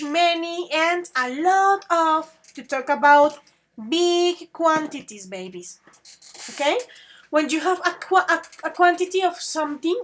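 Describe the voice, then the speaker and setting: A woman English teacher giving an online grammar class, switching between English and Spanish, calling her students affectionate pet names and reading example sentences slowly. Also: very high-pitched, a bit bright. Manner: slow, drawn-out model sentences.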